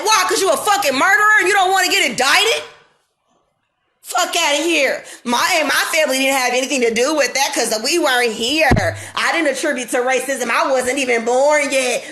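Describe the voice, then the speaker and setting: A woman's voice: high voice, background noise. A woman in her thirties ranting to camera from her kitchen at home, heated and profane, at times near tears. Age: 30s. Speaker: vlogger. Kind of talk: unscripted rant to camera.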